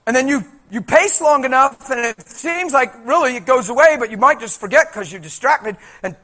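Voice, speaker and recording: Male preacher, high voice, animated, colloquial, conversational sermon. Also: normal speed.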